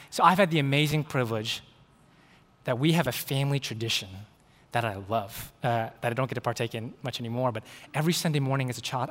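Animated preacher in a reverberant hall. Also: male voice, mid-range voice. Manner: animated, acts out quoted dialogue. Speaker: pastor. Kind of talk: sermon with storytelling. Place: church sanctuary.

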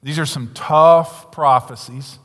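A man preaches a sermon from the pulpit, his fairly high voice rising into loud, emphatic declarations and then dropping to a hushed near-whisper. The sound carries the long reverb of a church sanctuary. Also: fairly even intonation, slow. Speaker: pastor.

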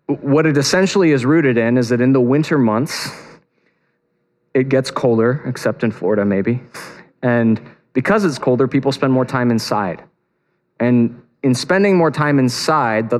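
A man giving a sermon in a casual, conversational way, retelling a story with lively, animated touches and frequent restarts. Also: medium pitch. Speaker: preacher. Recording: long reverb of a large hall.

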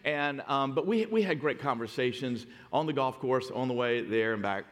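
A man's voice: mid-range voice, lively intonation, moderate pace. Man preaching in a reverberant hall. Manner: storytelling, dynamic swings from hushed to loud emphatic. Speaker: pastor. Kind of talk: sermon.

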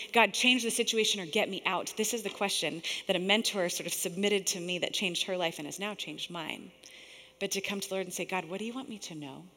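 A woman preaching a sermon in a lively, conversational way, often laughing and dropping to a whisper for quoted lines. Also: medium pitch. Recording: long hall reverb.

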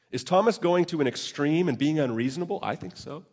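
A man's voice: mid-range voice, expressive, normal speed, hardly any pauses, a little mellow, breathy edge. A man preaching a sermon at a church service, earnest and emotional, with self-deprecating asides. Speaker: pastor.

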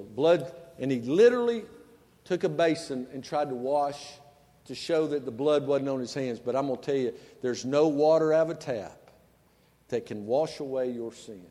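Pastor man, chatty sermon, gets quiet then loud, echoey sanctuary. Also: mid-range voice. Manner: folksy, conversational, swings from quiet to loud. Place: church sanctuary.

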